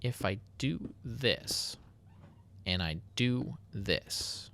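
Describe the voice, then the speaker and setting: A man's voice: lowish voice, lively intonation, very slow, vocal fry, a bit bright, slight background noise. A man casually narrating his building game, chatty and self-mocking. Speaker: Minecraft YouTuber. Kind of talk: casual gameplay commentary.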